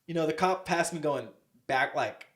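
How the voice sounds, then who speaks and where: A man's voice: a little high, normal speed, a bit bright. A young man co-hosting a podcast, telling a story in a casual, profane, rambling way. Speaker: podcast co-host.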